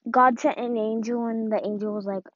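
A woman's voice: on the high side, steady tone, a little fast, a bit bright, no room sound. A woman giving a casual devotional talk, rambling and full of "like" and "um". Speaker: faith talk host. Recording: dull, dry lo-fi recording.

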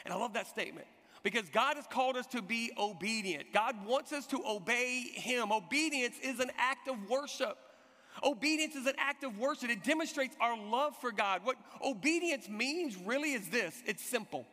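A man's voice: very high-pitched, moderate pace. A man in his forties preaching a sermon, telling stories with energy and leading the congregation in call-and-response. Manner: animated storytelling with call-and-response. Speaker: pastor. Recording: long hall reverb.

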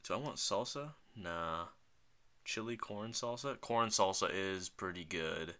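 A man's voice: deep voice, measured pace, pushed and bright. A young man co-hosting a podcast in casual chat, joking and thinking aloud as he orders food. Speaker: podcast co-host.

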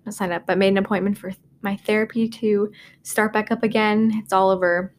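A woman's voice: medium pitch, flat delivery, brisk, slight background noise. A woman in her twenties hosting a casual solo podcast from her dorm room, rambling and self-deprecating, with lots of "like" and "um". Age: 20s. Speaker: podcast host.

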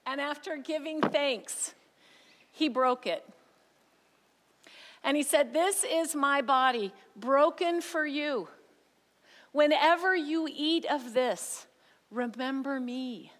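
A woman leading communion in a church service, speaking gently and in a measured way. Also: sits high. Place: church sanctuary. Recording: long hall reverb in a church sanctuary.

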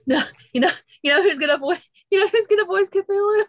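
A woman co-hosting a podcast in casual chat, talkative and quick to laugh. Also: extremely high pitch, no echo. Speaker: podcast co-host.

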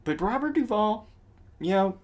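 A man co-hosting a podcast in casual chat, halting often, restarting sentences and swearing offhandedly. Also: high-pitched, big pitch swings. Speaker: podcast co-host.

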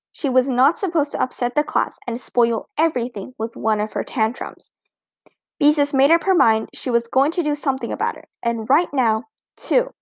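A woman narrating a children's storybook in a lively, expressive way. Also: high voice, no echo. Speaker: audiobook narrator.

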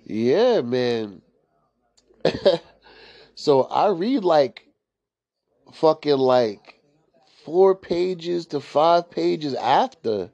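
Young male storyteller, slow and rambling, curses freely, heavy on fillers; dry, slightly muffled lo-fi audio. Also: fairly high pitch, very animated, vocal fry, darkish tone, no room sound. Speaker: storyteller host. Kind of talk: casual spoken storytelling. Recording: dry, slightly dull lo-fi recording.

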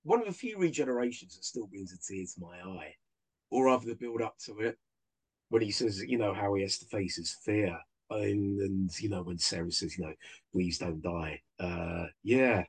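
A man with a husky, breathy voice and lively pitch. He talks emotionally and hesitantly as a guest on a casual podcast, stumbling over his phrases. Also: moderate pace, low-quality recording. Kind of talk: casual panel discussion.

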